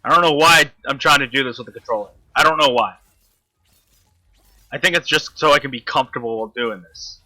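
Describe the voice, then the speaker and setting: Man, gameplay commentary, constant swearing, sharp bright voice. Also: medium pitch, brisk. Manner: frustrated, swearing constantly, talking to the enemy. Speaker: gamer.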